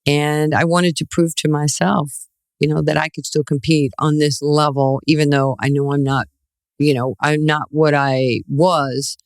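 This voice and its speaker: A woman in her sixties from New York, a guest telling lively stories in an interview and acting out the voices in them. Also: low-pitched, measured pace, no room sound, studio quality. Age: 60s. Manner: animated storyteller, acts out quoted voices, laughs often. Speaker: guest, former basketball player. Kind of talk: storytelling interview.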